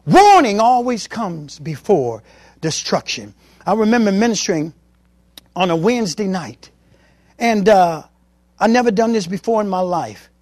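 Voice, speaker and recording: High-voiced male preacher telling stories. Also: lively intonation, measured pace, darkish tone, dry recording. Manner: emphatic storytelling. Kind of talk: sermon testimony.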